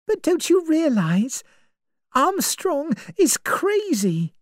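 A woman's voice: high-pitched, sing-song, slow, dry recording, clean studio sound, voice pushed up, heavily acted. A woman voicing a frightened young woman in an audiobook reading, speaking anxiously and pleadingly. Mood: urgent. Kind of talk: storybook reading.

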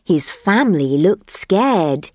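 Slow, clear woman reading a children's story. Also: fairly low pitch, very animated, mellow, dry recording, clean studio sound. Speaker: narrator of a graded reader. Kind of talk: scripted narration for language learners.

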